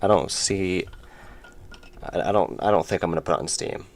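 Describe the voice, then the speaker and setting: A man's voice: deep voice, moderate pace. A man streaming his indie game development, chatting casually and rambling with chat while he works. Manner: rambling, self-interrupting, chuckling.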